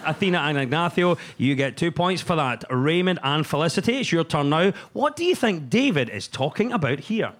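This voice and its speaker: A man hosting a comedy panel quiz, who announces the questions and scores briskly. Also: on the high side, big pitch swings, a bit bright. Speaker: quiz show host.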